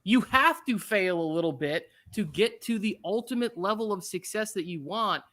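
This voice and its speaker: Man, show host, casual sports chat, opinionated, high voice, bright tone. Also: moderate pace. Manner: animated, opinionated.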